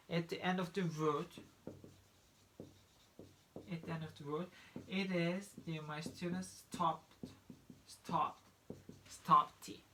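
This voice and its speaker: Male pronunciation teacher, slow measured delivery, drills example words with frequent restarts. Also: on the high side, sharp tone, a little hiss or hum. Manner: repeats each example word several times, with many restarts. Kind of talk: pronunciation lesson.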